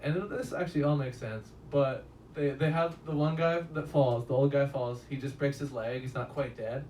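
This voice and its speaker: Speaking at a moderate pace with fairly even intonation, a man gives a loose, rambling movie review full of swearing and laughter at his own anecdotes. His medium, slightly mellow voice is well off the mic. The space sounds echoey, with low room noise.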